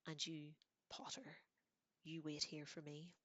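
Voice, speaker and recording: A woman voicing a cold, stern male teacher who speaks in a clipped, quiet way. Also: low-pitched, little pitch movement, normal speed, no echo.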